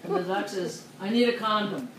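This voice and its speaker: A woman's voice: mid-range voice, fairly quick. A woman telling long rambling jokes on a show, laughing as she goes and losing her place. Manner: chatty, laughs mid-joke, loses her place. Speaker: joke-telling co-host. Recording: echoey room with clear noise.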